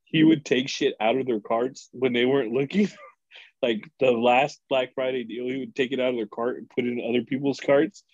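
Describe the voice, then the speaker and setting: A man's voice: medium pitch, fairly quick, no echo. Give me a man animatedly retelling workplace pranks, dull and dry recording. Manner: animated storyteller, acts out voices, swears freely. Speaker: guest telling work stories. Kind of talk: casual podcast storytelling.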